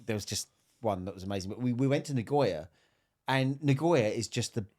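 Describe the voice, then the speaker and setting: A man with an ordinary mid-range voice recalls an old trip during a relaxed podcast chat. He speaks thoughtfully, piecing his memories together as he goes. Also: medium pitch, brisk. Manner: reflective, storytelling.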